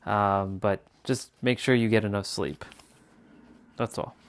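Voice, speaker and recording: A man's voice: fairly low pitch, steady tone, measured pace, slight background noise. A man chatting casually to viewers on his live stream, rambling and repeating himself as he talks. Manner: rambling, repeats phrases and restarts. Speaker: livestreamer.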